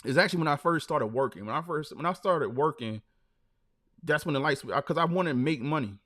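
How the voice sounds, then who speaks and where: A man's voice: on the high side, animated, brisk, a bit bright. A man hosting a live stream, telling stories loosely and dropping "man" and "like" between phrases. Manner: loose, storytelling, lots of fillers like "man". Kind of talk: casual live-stream chat.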